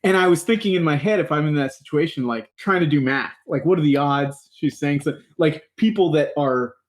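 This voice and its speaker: A man's voice: fairly high pitch, a little fast. A man co-hosting a podcast, chatting casually about a show he watched, laughing often and rambling with frequent restarts. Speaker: podcast co-host. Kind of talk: casual chat reviewing a show.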